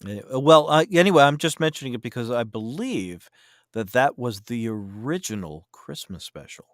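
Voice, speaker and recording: Podcast guy asking questions, middle pitch, dry close mic. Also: sing-song, normal speed, no room sound. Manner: inquisitive, steering talk with questions. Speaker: podcast co-host. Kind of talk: casual round-table chat.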